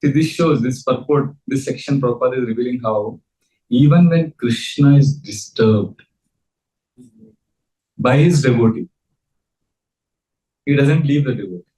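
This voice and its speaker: A man teaches scripture in an earnest, explaining voice at a middling pitch. His lecture rings around a reverberant room. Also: a little slow, pauses often, dark tone. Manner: earnest, leads call-and-response chanting. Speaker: spiritual teacher.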